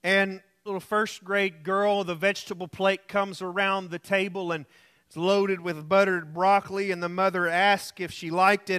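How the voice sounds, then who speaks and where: High, bright-voiced preacher man. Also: little pitch movement, moderate pace, clean tone. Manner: earnest preaching with anecdotes and repeated phrases. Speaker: pastor. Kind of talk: sermon. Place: church room, alone.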